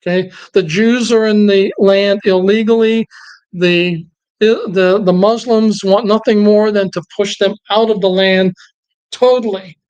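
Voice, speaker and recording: A man teaches a church Bible class in a loose, conversational style. He gets animated and worked up as he goes, often breaking off and restarting his sentences. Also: high-pitched, unhurried, smooth, rough recording. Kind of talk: casual church Bible lesson.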